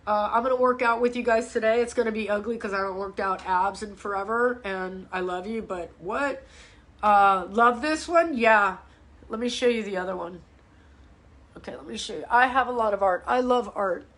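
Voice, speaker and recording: A woman's voice: mid-range voice, a bit bright. A middle-aged woman, a fitness coach, chatting casually on a live stream, reacting to viewer comments and swearing now and then. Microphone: device mic, live stream.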